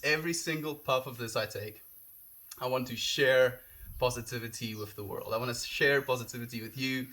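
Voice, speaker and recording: A young man, raised speaking Afrikaans, chats loosely with his live-stream audience. His voice sits at an ordinary middle pitch, and he gushes with thanks between comments. He is outdoors, talking casually and sincerely. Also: normal speed, bright, forceful tone. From South Africa. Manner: gushing, heartfelt, reads chat comments aloud. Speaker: livestreamer. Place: outdoors, windy.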